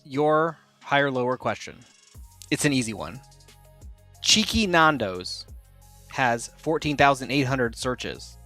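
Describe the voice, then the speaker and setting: A man's voice: medium pitch, sing-song, takes it slowly, long pauses, bright, forceful tone, soft background music. A man hosting a podcast, chatting casually, rambling and correcting himself as he goes. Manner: rambling, self-correcting, laughs often. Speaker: podcast host. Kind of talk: casual chat.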